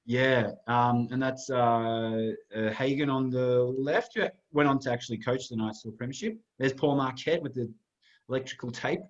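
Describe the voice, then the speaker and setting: A man chatting loosely on a sports podcast, his voice sitting in an ordinary middle pitch. He meanders, restarts and fills gaps with "um" while talking through pictures. The recording sounds slightly dull and lo-fi. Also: moderate pace. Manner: rambling, talks through photos with many fillers. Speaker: podcast co-host. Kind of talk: casual sports podcast chat.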